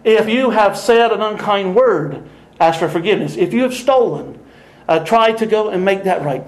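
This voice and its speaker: Animated older male preacher, high voice. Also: normal speed, reverberant, low-quality recording. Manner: animated, laughing often, acting out dialogue. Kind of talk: sermon with storytelling.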